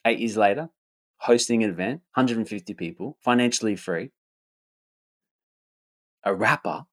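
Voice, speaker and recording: A man talking about his upcoming event in an energetic, casual monologue, often repeating himself, swearing and tagging "right?" on his lines. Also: fairly low pitch, moderate pace. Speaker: event host and rapper.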